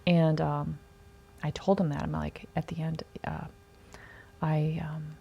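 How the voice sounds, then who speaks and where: A woman on a podcast tells a long story in a loose, conversational way. Her voice sits fairly low, and she keeps slipping into the voices of the people she quotes. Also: slow, gravelly, slightly rough, lo-fi sound. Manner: chatty, animated retelling with quoted dialogue. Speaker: podcast host. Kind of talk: casual storytelling.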